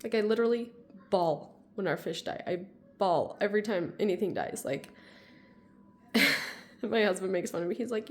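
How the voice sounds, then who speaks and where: A woman in her thirties talks straight to her viewers in a loose, rambling vlog, leaning on "like" again and again. Her voice carries a lot of vocal fry and sounds raw with emotion, close to tears. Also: mid-range voice, animated, normal speed. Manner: rambling, heavy use of "like", tearful. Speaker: vlogger. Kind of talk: casual personal vlog.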